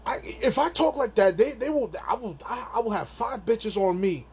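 A man's voice: high voice, animated, normal speed, darkish tone, breathy edge. A man hosting a solo podcast, venting in a crude, rambling, profane rant, an amateur stand-up comic. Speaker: podcast host.

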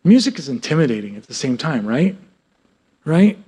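A man gives a workshop talk to a live audience about his work as a music therapist. His voice sits a little high for a man, and he keeps the talk animated and full of jokes. He often turns to the room with questions. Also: normal speed, breathy edge. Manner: animated and joking, breaks into sung snippets; asks the audience frequent questions.

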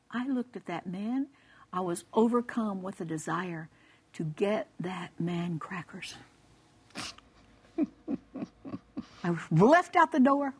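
A woman's medium-pitched voice carries a breathy edge; she speaks slowly and pauses often. As a guest speaker on a Christian broadcast, she gives a humorous personal testimony, acting out dialogue and laughing through her lively tale.

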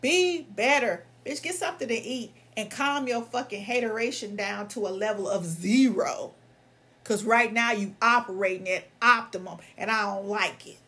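A woman's voice: mid-range voice, normal speed, sharp tone, slightly rough. A young woman, a lawyer and vlogger, ranting in a heated, emphatic and profane way, her voice strained from coughing. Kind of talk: angry ranting monologue.

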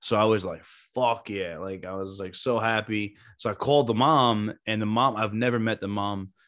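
A man hosting a podcast in a casual, animated and profane way, telling long run-on stories. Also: fairly low pitch, normal speed. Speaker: podcast host, former Marine recruiter. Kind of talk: casual chat.

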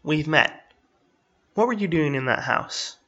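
A man's voice: fairly high pitch, animated, unhurried, pushed and bright, slightly rough, pitched above the performer's own voice, exaggerated voice. A man voicing a guarded male federal agent who speaks in a clipped, suspicious way. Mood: cold. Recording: slightly dull, lo-fi.

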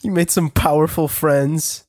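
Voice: medium pitch, fairly even intonation, unhurried, darkish tone. A friend in a casual chat, reacting to a story with mocking jokes and laughs. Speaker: friend listening.

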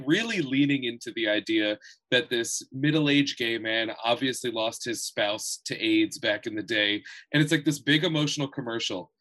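A man co-hosting a casual podcast chat, telling jokey stories and swearing freely. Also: mid-range voice. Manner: animated, jokey storyteller who swears freely. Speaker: podcast co-host.

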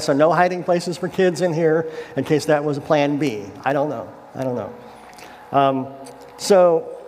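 A man's voice: a little high, slight background noise. A man, a pastor, giving a casual, conversational sermon. He retells a scripture story in everyday words and checks in with the congregation. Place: church sanctuary. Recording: echoey hall with faint ambience.

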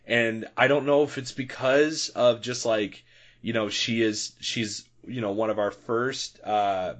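In a casual movie review chat, a podcast co-host talks animatedly about a film and laughs often. He has a mid-range voice with a fairly bright tone.

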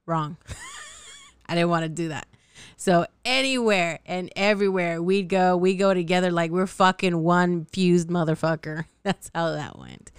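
Brief: woman in her thirties, solo podcast host, very smooth clear voice, dry close mic, blunt and cussing, sore throat. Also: lowish voice, dry recording. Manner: blunt, profane, laughs often, self-mocking. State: slightly sore, scratchy throat. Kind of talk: candid solo podcast monologue.

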